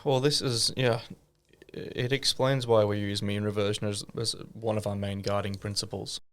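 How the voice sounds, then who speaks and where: A man co-hosting an investing podcast, explaining in a measured way between brief agreeing murmurs. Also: on the low side, flat delivery. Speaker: podcast co-host. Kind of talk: casual investing chat.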